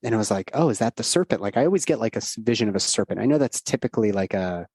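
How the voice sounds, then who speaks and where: A man's voice: on the low side, expressive, very fast, a little mellow, breathy edge, no echo. A middle-aged man, a doctor guesting on a podcast, telling a personal story in an earnest, rambling, casual way.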